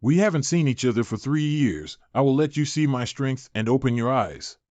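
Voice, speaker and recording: A man voicing an arrogant, mocking male clan bully in a manhwa recap, read in a flat, even way. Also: mid-range voice, moderate pace, no echo, lightly acted.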